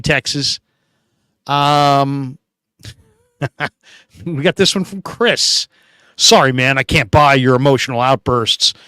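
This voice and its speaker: A man's voice: a little high, fairly bright tone, dry recording, studio quality. A middle-aged man hosting a casual live stream, chatting in a laid-back way as he answers viewer comments. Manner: chatty, laid-back, reads comments aloud with quick asides. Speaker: podcast host reading viewer comments.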